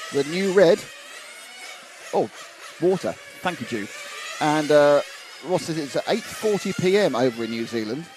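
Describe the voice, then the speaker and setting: This is a man calling a live race from the trackside. He talks in a relaxed, rambling way and mixes viewer messages into his commentary. His voice sits a little high, and engines and track ambience can be heard clearly behind him. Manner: chatty, reads out viewer messages with asides. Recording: noisy trackside with engine sounds. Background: race car engines and ambience.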